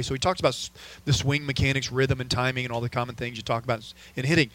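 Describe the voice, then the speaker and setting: A man in his forties, a sports physician hosting a podcast, telling stories in a relaxed, casual way with easy laughs. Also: medium pitch, fast talker, poor audio. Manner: relaxed storyteller, laughs easily.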